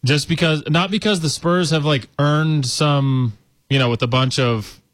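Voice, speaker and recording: A man's voice: on the high side, measured pace, no echo. A man co-hosting a sports radio show, breaking down basketball tactics in a thoughtful, hedging way. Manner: thoughtful, hedging, talks through ideas. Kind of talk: casual sports radio analysis.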